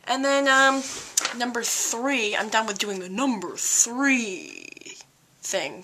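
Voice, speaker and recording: A woman's voice: fairly high pitch, expressive, slow, background noise. A teenage woman vlogger chatting casually to camera, rambling, giggling and joking at her own expense. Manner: giggly, rambling, self-mocking.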